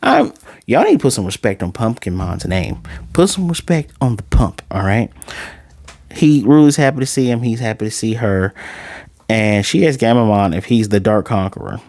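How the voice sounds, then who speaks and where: A man's voice: fairly low pitch, creaky. A man casually recapping and reviewing an anime episode, acting out character lines with dramatic, exasperated reactions. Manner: animated, acts out character lines in quick snippets.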